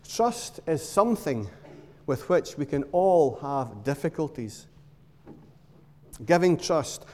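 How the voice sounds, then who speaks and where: A man preaching a sermon in a church, telling stories in short emphatic phrases with dramatic pauses. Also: fairly high pitch, a little mellow. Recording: long reverb of a large hall.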